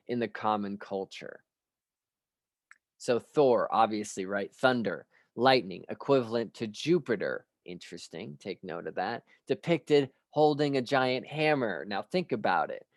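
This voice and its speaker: A male lecturer talks through a reflective study session at a slow, unhurried pace, musing aloud and posing rhetorical questions. His voice sits at an ordinary middle pitch. The recording is dry and close, with no room echo. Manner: measured and musing, with frequent pauses and rhetorical questions; clears his throat now and then. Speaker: spiritual studies lecturer.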